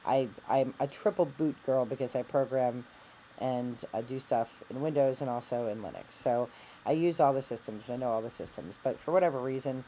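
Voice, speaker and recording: A middle-aged woman talks straight to her viewers in a rambling, self-deprecating way, stopping and restarting her sentences and packing in fillers. Her voice is mellow and soft-edged, and a faint noise sits behind her. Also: very deep voice, rough recording. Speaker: vlogger. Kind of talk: candid personal vlog.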